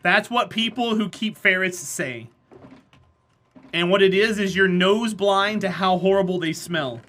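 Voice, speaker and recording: A woman streams a game live, chatting casually and answering viewers by name in a blunt, opinionated way. Her voice is medium-pitched and fairly bright, and she talks a little slowly.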